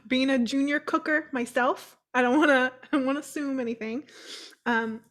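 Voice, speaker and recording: A woman's voice: high-pitched, moderate pace, a bit bright. A young adult woman co-hosting a casual chat show, swearing freely, laughing often and telling stories with animation. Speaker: podcast co-host.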